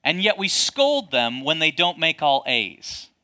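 A man preaching a sermon as a pastor, addressing his congregation with lively rhetorical questions. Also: a little high, a little slow.

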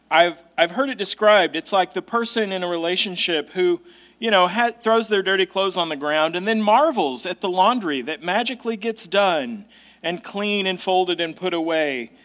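A male pastor preaches conversationally, his high, fairly bright voice stressing key points with casual asides.

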